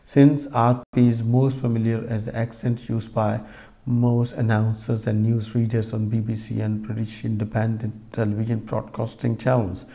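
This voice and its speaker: A man's medium-pitched voice, gravelly yet mellow and level in tone, carries a recorded lecture. He talks directly to the students, explaining at a slow pace with many restarts and fillers.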